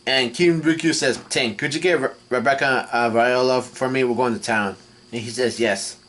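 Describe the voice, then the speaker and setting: This male manga reaction vlogger, mid-pitched, stumbles through a casual read-along recap, restarting often and using lots of fillers. Any quoted lines come out flat.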